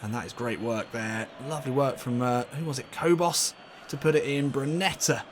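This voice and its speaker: A man commentating casually on his own football video game match, getting loudly excited and laughing at near misses. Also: medium pitch, moderate pace, slight background noise. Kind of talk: casual let's-play commentary.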